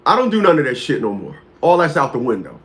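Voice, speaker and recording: High-voiced man in his fifties, rambling. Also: sing-song, fast talker, fairly bright tone. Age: 50s. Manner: rambling, repeats words, greets viewers by name. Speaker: talk show host. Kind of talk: casual livestream storytelling.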